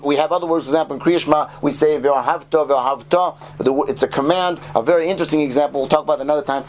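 A man's voice: on the high side, a little mellow, slight background noise. A man teaching a short informal lesson to a class, rambling and correcting himself as he goes and quizzing his listeners. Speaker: Torah teacher.

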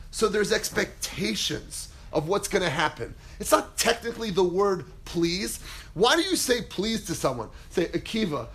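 Animated high-voiced man giving a Torah lecture. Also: a little hiss or hum. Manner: dramatic, acts out quotes, big swings in pitch and volume. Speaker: rabbi teaching a class.

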